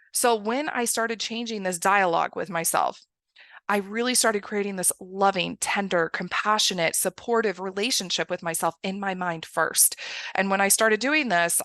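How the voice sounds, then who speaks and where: A woman's voice: medium pitch, sharp tone, dry recording. A woman giving an emphatic motivational coaching talk, often checking in with "right?". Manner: emphatic, keeps asking "right?". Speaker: success coach.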